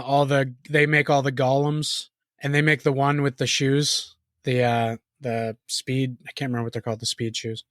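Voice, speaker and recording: Male podcast co-host, mid-range voice, dry close sound, rambling and chatty, quick to laugh. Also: mid-range voice, no room sound. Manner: loose, rambling, laughs often. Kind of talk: casual chat.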